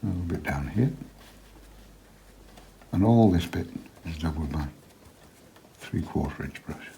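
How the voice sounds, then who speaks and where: A man giving a relaxed watercolour painting lesson, chatty and quiet, often dropping to a murmur as he works. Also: low voice, measured pace, a little hiss or hum. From England. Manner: quiet, chatty, drops to a murmur while working.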